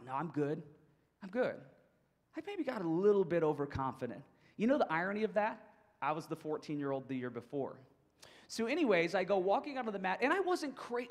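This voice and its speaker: High-voiced man telling a motivational story. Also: big-room sound. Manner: animated storyteller, acting out his own thoughts. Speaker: speaker at a coaches' conference.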